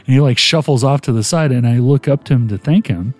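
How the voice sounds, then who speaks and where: A man's voice: medium pitch, fast, no echo. Male podcast host, casual rambling storyteller, dry close sound, faint music underneath. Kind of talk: casual chat.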